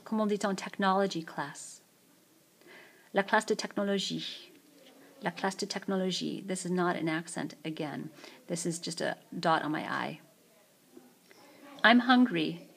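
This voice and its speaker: A woman teaching French vocabulary in a screencast, saying each phrase slowly and then repeating it. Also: fairly low pitch, gravelly, a bit bright, husky. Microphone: tablet mic.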